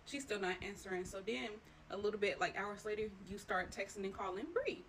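A woman vlogger retelling a dramatic story in a casual, profane, animated way, addressing the listener as 'you'. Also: medium pitch, a little fast, slight background noise. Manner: profane, animated, tells it in second person.

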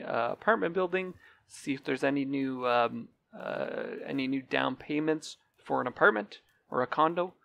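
Chatty man with a gravelly voice. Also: mid-range voice, fairly bright tone. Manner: chatty and rambling, filled with ums and uhs. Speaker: Minecraft server let's-player. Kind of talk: casual holiday gameplay commentary.

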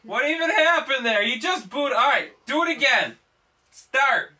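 A man co-hosts a let's play, full of sarcastic teasing and laughter. His voice sits high and very bright. The mic is some distance away, with game music under him. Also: sing-song, moderate pace. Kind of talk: joking gameplay banter.

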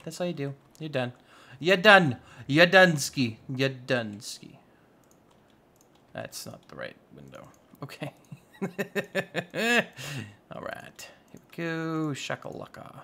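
Gravelly-voiced male gaming host, unhurried, joking at his own expense while he plays. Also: a little high, fairly bright tone. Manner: playful, goofy, self-mocking. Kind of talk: casual let's-play commentary.

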